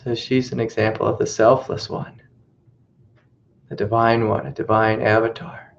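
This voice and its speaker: A male spiritual teacher gives a reflective teaching talk, telling a story and circling back over his own phrases. His voice is very flat and even in pitch. The audio is muffled and lo-fi, like an old webcast. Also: normal speed, creaky, a little hiss or hum.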